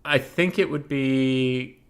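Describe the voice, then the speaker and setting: A man hosting a casual gaming Q&A, reading community questions and giving joking, offhand answers. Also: mid-range voice. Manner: joking, offhand, quick replies.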